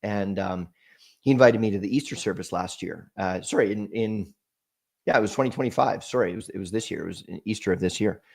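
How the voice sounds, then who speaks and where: A man with a fairly low voice, speaking as a guest in an interview. He tells a heartfelt personal story in a halting way, often restarting and repeating words as he gathers his thoughts. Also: vocal fry, a little mellow. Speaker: podcast guest.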